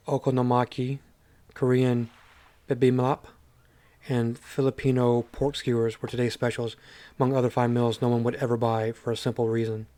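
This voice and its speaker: A man's voice: medium pitch, mellow. A man reading a story game aloud and commenting on it with amused asides. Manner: amused, reads with chuckles and asides. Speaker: gaming channel host.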